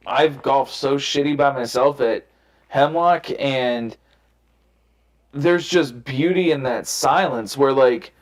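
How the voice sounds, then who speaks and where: A man's voice: mid-range voice, slow. A young man telling candid personal stories in casual podcast chat, swearing freely and rambling. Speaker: podcast host. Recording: roomy echo.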